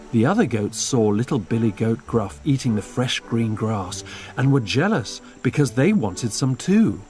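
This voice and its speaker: A man reading a fairy tale aloud as storybook narration, slow and expressive. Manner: slow and expressive, lively pitch.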